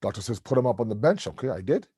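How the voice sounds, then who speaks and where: Man, middle-aged, conversational sermon, storytelling, mellow tone, dry close sound. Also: medium pitch, racing, husky, no room sound. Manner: storytelling, animated, acts out family dialogue. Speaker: speaker at a religious gathering. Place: mosque hall.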